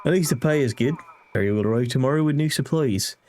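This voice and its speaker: A man's voice: mid-range voice, fast, a little mellow, lightly acted. A man voicing a brusque male harbour chief in a game, giving orders over the radio. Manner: brusque, dismissive.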